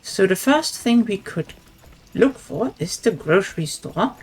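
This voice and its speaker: A woman's voice: medium pitch, expressive, a little slow, breathy edge. A woman streamer in casual gaming chat, thinking aloud as she plays and bantering with a friend. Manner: musing, thinks aloud while playing. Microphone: streaming setup.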